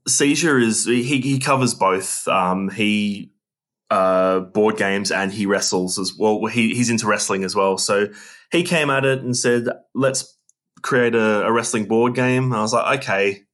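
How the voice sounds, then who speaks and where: A man talking casually as a guest about designing a game, halting and restarting, laughing easily. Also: fairly low pitch, fairly bright tone. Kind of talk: casual interview chat.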